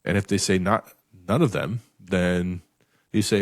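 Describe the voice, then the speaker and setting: Podcast host: man, very low voice, blunt and profane, dry close sound. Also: steady tone, a little slow, dry recording. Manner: profane, emphatic, repeats words when restarting. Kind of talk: blunt motivational podcast talk.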